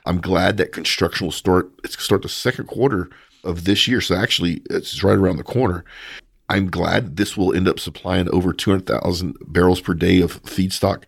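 A man's voice: low voice, moderate pace, creaky, breathy edge, no echo, clean studio sound. Opinionated man hosting energy podcast. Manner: opinionated, animated, mocking asides. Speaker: podcast host. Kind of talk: casual news commentary.

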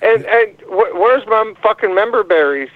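A man's voice: high-pitched, expressive, moderate pace, no room sound. A man calling in to a show, rambling and swearing with many fillers over a phone line. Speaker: caller. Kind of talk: call-in rant. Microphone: phone call.

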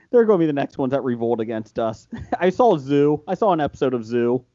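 A man's voice: medium pitch, sing-song, moderate pace, mellow. A man from the Cincinnati area co-hosting a podcast, telling stories in casual chat, swearing and laughing as he goes. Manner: storytelling, swears, laughs through his talk. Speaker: podcast co-host. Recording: dry, dull lo-fi sound.

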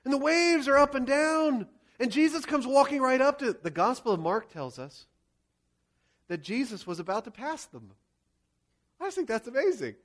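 A male pastor preaching a sermon, acting out scenes and shouting quoted lines. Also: very high voice, animated, normal speed.

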